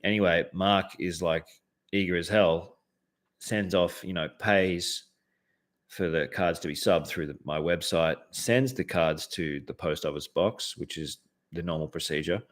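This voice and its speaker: A man's voice: deep voice, measured pace. An Australian man hosting a show, telling a heated story in a casual, profane way, with lots of fillers and restarts. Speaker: host.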